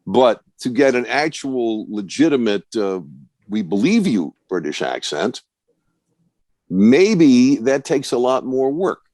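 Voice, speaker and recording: A man's voice: medium pitch, no room sound. An older man coaching broadcasters, giving confident, wry advice in an online question-and-answer session over a video call. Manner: confident, wry, lively storytelling. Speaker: broadcast coach and guest speaker.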